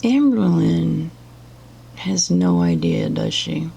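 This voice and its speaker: A woman's voice: lowish voice, takes it slowly, creaky, warm tone, slightly rough. A woman giving blunt, profane and sarcastic reaction commentary as a vlogger.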